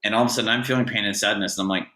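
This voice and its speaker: Man, podcast co-host, very low voice, forceful bright tone, earnest and practical, echoey room. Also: steady tone, rapid-fire. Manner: earnest, practical, lots of "like" and restarts. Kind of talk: casual chat.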